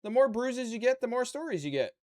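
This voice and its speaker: A man's voice: very high-pitched, sing-song, fairly quick, darkish tone. A man live-streaming a model-kit build, chatting with viewers and muttering to himself as he works. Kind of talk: casual live-stream chat.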